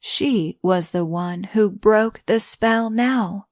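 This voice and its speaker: Slow soothing woman storyteller. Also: medium pitch, darkish tone, dry recording, studio quality. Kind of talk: bedtime story narration.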